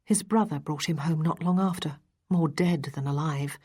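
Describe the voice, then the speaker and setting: Woman reading earnest Regency lady, measured, steady, low voice, breathy edge, audiobook.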